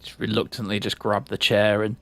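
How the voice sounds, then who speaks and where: A man's voice: fairly low pitch, level tone, fairly quick, gravelly, fairly bright tone, no room sound. A man playing in a tabletop game, describing his character's actions casually. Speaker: player. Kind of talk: casual play.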